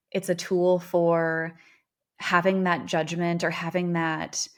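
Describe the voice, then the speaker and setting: A woman with a Minnesotan accent talks alone on her podcast, drawing on her work as a therapist. Her voice sits a little low. She speaks candidly and reflectively, in an easy conversational way. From Minnesota, USA. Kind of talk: reflective solo podcast talk.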